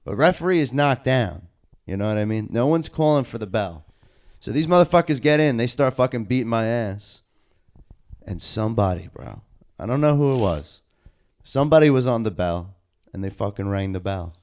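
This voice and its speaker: A young man, a podcast co-host and wrestler, telling stories in loose, excited, profane casual chat. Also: medium pitch, moderate pace. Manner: loose, excited storytelling full of slang and swearing.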